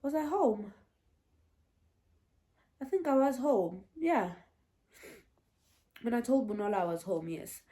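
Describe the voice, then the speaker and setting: A woman's voice: on the high side, sing-song, takes it slowly, pauses often, dark tone. A young woman telling a casual storytime vlog, chatty and meandering, often restarting and laughing. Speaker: vlogger.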